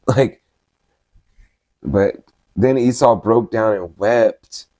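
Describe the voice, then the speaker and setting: A man's voice: fairly low pitch, drawn-out words, pauses often, warm tone, no room sound. A man giving casual, slangy Bible study commentary, reading passages aloud and then riffing on them conversationally.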